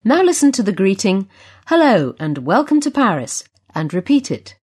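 A woman with a slightly husky voice leads a language lesson, patient and instructive. Her intonation rises and falls in a lively way. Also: mid-range voice, normal speed. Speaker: course presenter. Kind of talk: scripted language-lesson narration.

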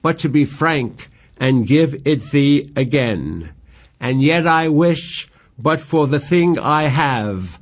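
A man reading Juliet, an earnest young woman in love, in slow tender verse recitation. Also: fairly high pitch, lively intonation, pitched above the performer's own voice.

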